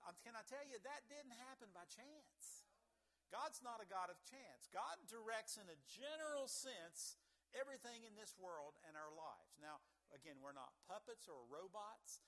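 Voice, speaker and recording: Man, pastor, high voice, folksy joking sermon, calm teaching with loud bursts. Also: normal speed.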